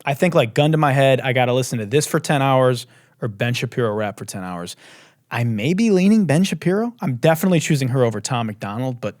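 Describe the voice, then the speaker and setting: Brief: sarcastic male host ranting, very animated pitch, dry close sound. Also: fast, no echo. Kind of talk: comedic commentary.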